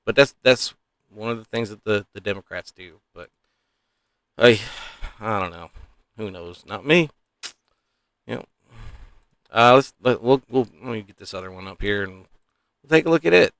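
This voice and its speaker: A man's voice: lowish voice, normal speed, long pauses, fairly bright tone, smooth, no echo. A man giving casual, opinionated political commentary, rambling and sighing often.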